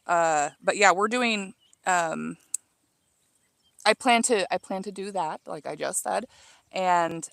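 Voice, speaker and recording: Her voice sits on the low side, unhurried and fairly bright, with no room sound at all. She's a woman in her thirties from Illinois, snipping herbs in her outdoor garden as she reads livestream comments aloud and talks casually, full of fillers and false starts.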